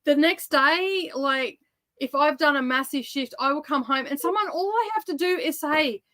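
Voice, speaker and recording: A woman with a slightly high voice co-hosts a casual chat. She talks loudly and explains things, and she agrees readily with her co-host. She sounds engaged and supportive. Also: normal speed, no room sound. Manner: warm agreeing listener, loud, gives explanations.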